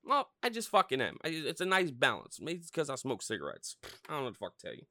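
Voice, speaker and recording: Foul-mouthed ranting man, lively pitch. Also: fast, no room sound, studio quality. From Pennsylvania, US. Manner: profane, heated ranting with lots of swearing. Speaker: podcast host. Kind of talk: solo podcast rant.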